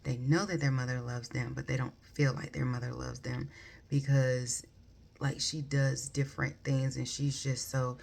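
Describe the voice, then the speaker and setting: A woman's voice: rumbling low, flat delivery, moderate pace, vocal fry, darkish tone, breathy edge. A woman giving a casual, rambling book review full of ums and likes. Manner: rambling, many ums and likes, self-correcting.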